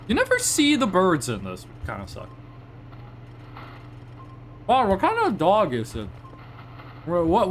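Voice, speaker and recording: A man's voice: on the high side, a little hiss or hum. A young man streaming live, chatting casually and rambling in reply to his chat, often restarting his sentences.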